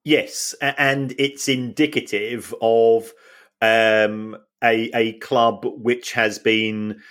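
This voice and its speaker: A man co-hosting a football podcast, talking things through in a measured way with many fillers and restarts. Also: medium pitch, fairly even intonation, a bit bright. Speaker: podcast co-host. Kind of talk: casual football finance chat.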